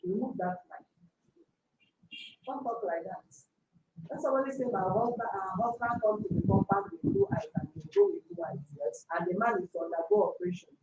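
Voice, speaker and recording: A woman's voice: on the high side, sing-song, brisk, dark tone, highs cut off, a little hiss or hum. Stern Nigerian woman mediator, lecturing. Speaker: mediator host. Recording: echoey room heard from a distance.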